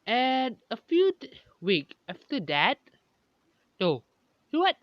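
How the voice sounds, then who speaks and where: A narrator improvising a fan story in halting, broken sentences, often restarting mid-phrase. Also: mid-range voice, wildly swooping pitch, no room sound, lo-fi sound.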